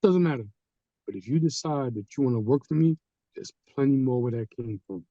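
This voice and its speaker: A man's voice: mid-range voice, fairly quick, dry recording, dull audio. A man telling a personal story in casual talk, acting out the people he quotes. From Haitian community. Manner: animated, acts out quoted people. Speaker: guest storyteller. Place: studio.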